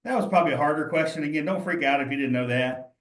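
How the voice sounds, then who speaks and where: A man's voice: a little high, quick pace, fairly bright tone, roomy sound. A man leading a cheese exam study session, reasoning through quiz answers aloud in a casual, encouraging way.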